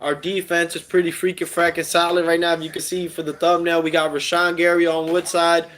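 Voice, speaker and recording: A man hosting a casual live stream, reading chat aloud in a relaxed way with many fillers. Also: a little high, fairly quick, slight background noise. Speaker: streamer host.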